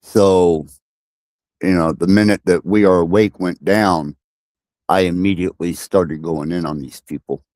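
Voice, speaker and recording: Very deep-voiced halting man. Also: fairly even intonation, darkish tone, no echo. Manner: halting, repeats words, blunt. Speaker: panel guest. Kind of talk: casual online panel chat.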